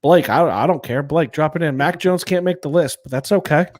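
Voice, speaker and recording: A man's voice: fairly high pitch, brisk, a little mellow. A man co-hosting a podcast in casual chat, opinionated and talkative, calling out to viewers. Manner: chatty, opinionated, calls out to live viewers. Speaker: podcast co-host.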